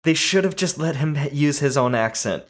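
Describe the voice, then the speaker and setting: A man's voice: a little high, lively intonation, normal speed. A man hosting a casual movie podcast, talkative and laughing easily as he chats. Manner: talkative, laughs while talking. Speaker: podcast host.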